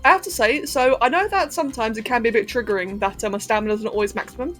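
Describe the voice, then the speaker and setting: A woman's voice: on the high side, fast talker, fairly bright tone, faint music behind. Chatty posh London woman streamer. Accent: posh London English, slightly Californian-tinged. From England. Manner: chatty, giggly, answers chat while playing. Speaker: livestreamer. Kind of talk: casual gaming livestream chat.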